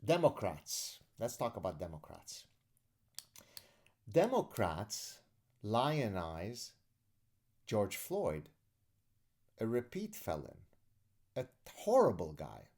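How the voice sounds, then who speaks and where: Sarcastic, low-voiced male podcast ranter. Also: huge pitch swings, slow pace, pauses often, darkish tone, breathy edge. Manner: sarcastic, indignant, emphatic. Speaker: podcast host. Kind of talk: live audio room monologue rant.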